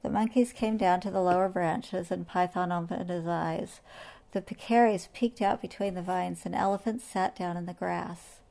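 A woman reading a children's animal story aloud in a gentle, measured way. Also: lowish voice, fairly even intonation, creaky, slight background noise.

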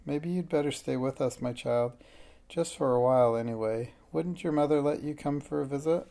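A reader voicing a kindly, busy grandmother in a storybook read aloud, with a gravelly, mellow voice. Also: mid-range voice, moderate pace, close to an everyday voice. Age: older. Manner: warm, reassuring, slightly fussy. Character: kindly busy old grandmother baking a cake.

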